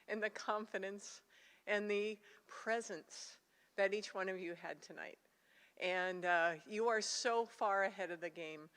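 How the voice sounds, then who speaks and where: A woman's voice: medium pitch, measured pace, a bit bright. An older woman giving an earnest, emotional awards speech to students in a college auditorium. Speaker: Secretary of State, competition judge. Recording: hall reverb.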